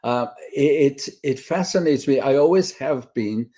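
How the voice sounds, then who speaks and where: An older man talks in a mellow, low-lit tone. He wanders through his stories and circles back with frequent fillers, like a guest settling into a relaxed conversation. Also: measured pace. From Britain. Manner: rambling, with many fillers and restarts. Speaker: guest screenwriter. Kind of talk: casual storytelling interview.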